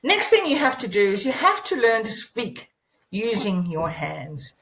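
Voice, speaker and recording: A woman speaks in a mid-pitched voice as she presents a course lesson, telling a personal story with lively energy. She coaches and encourages the listener directly. She is seated indoors and recorded on a laptop microphone. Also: unhurried, low-quality recording.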